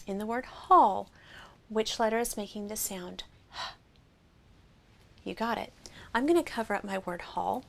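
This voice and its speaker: A woman teaching a phonics lesson, sounding out vowels slowly and clearly and praising the listener. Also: medium pitch. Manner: slow, clear, encouraging, sounds out each vowel.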